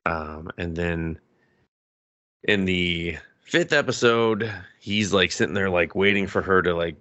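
A man co-hosting a podcast, recapping anime in casual chat, animated and swearing freely as he acts out scenes. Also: low-pitched, unhurried, no echo, highs cut off. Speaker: podcast co-host.

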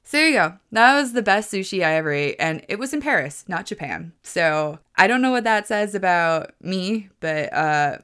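A woman's voice: fairly low pitch, expressive, normal speed, few pauses, fairly bright tone, smooth. A woman hosting a podcast, telling a story in a casual, rambling and gushing way, full of fillers. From United States. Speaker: podcast host.

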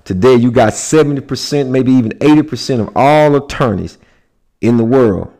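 A man from the United States giving a deliberate lecture on symbolism, pausing to check in with his listeners. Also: medium pitch, warm tone. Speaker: speaker.

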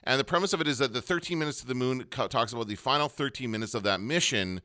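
A man talks casually on a podcast, sharing recommendations in a loose, filler-heavy way. His voice is bright and forward. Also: mid-range voice, fast. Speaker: podcast co-host. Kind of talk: casual chat.

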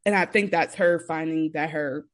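A woman's voice: sits low, moderate pace. A young woman co-hosting a podcast in casual chat, rambling through a recap and acting out quotes. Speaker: podcast co-host.

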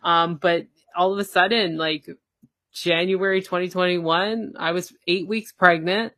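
A woman's voice: on the low side, fairly even intonation, a little slow, fairly bright tone, dry recording, clean studio sound. A woman guest telling a personal story in casual talk, full of fillers and acted-out quotes. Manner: chatty, many fillers, acts out quoted dialogue. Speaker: podcast guest.

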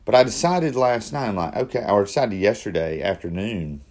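A man with a low, deep voice thinks out loud in a relaxed video diary. He rambles a little, restarting and correcting himself mid-sentence. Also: moderate pace. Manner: rambling, self-correcting, with repeated starts. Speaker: daily video diarist. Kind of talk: casual self-reflective monologue.

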